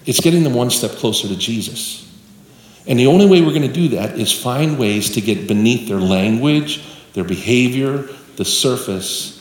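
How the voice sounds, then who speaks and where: A male pastor preaching a sermon with folksy storytelling, addressing the congregation directly. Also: medium pitch. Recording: echoey live hall with room noise.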